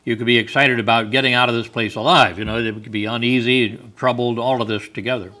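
A man's voice: medium pitch, steady tone, fast, bright, forceful tone. A man teaching a Bible study in sermon style, thoughtful and explanatory, with small asides and chuckles.

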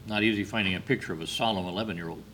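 A man giving a sermon, telling stories in a slow, measured way with brief hesitations. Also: lowish voice, a bit bright, a little hiss or hum. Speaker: preacher.

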